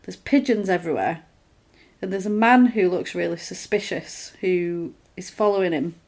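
Chatty woman recapping a film. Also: fairly low pitch. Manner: animated retelling, acts out lines in quick put-on voices; conversational, with fillers and restarts. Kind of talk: casual film recap chat.

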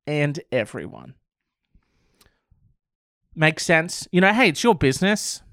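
A man's voice: a little high, a bit bright, clear, resonant tone, dry recording, clean studio sound. A man hosting casual commentary on odd news stories, sarcastic and swearing freely. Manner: sarcastic, swears, laughs often.

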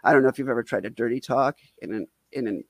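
A man's voice: medium pitch, quick pace, no room sound. A man from Wisconsin telling a self-deprecating comic story in a casual, rambling way, full of "like" fillers. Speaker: storyteller guest.

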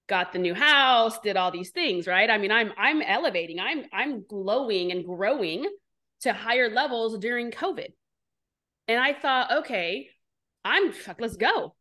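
A woman entrepreneur being interviewed, telling her story candidly and bluntly, animated and swearing freely. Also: fairly high pitch, moderate pace. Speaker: entrepreneur guest.

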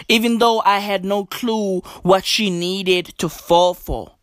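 Young man, profane slangy rant, slow and drawn out, dead dry sound. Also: fairly bright tone, no echo. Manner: drops to low mutters and jumps up high for emphasis. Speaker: vlogger. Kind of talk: casual ranting commentary.

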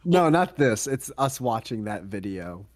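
A man co-hosting a casual podcast, excitable and laughing often, swearing freely. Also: on the low side, measured pace. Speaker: podcast co-host. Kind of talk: casual chat.

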